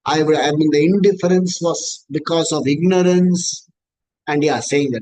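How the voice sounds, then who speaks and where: A middle-aged man with an Indian accent teaching scripture in a conversational way, slowly chanting Sanskrit verses between everyday examples. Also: sits high, a little mellow, low-quality recording. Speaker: spiritual teacher. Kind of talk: scripture class talk.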